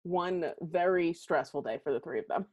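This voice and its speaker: A woman's voice: lowish voice, normal speed, muffled recording. Chatty young woman podcast host. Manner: chatty, heavy use of "like", expressive. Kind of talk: casual chat about a movie.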